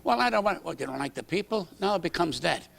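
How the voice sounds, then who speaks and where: Gravelly older man, high-pitched and blunt. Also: expressive, fast talker, a bit bright, slight background noise. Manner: brash, aggrieved storytelling, acts out quoted exchanges. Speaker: comedian guest. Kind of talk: late-night talk show interview. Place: TV studio set.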